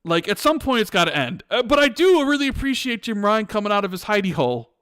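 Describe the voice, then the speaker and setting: A man hosting a casual gaming podcast, talking in an animated, ranting way with frequent restarts. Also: high voice, fast talker, clear, resonant tone, dry recording, clean studio sound. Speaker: podcast host.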